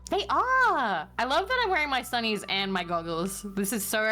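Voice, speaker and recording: A woman's voice: on the high side, sing-song, moderate pace, sharp tone, faint music behind. A woman with an Australian accent chatting playfully as a guest on a game stream, giggling and teasing often. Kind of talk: casual game stream chat.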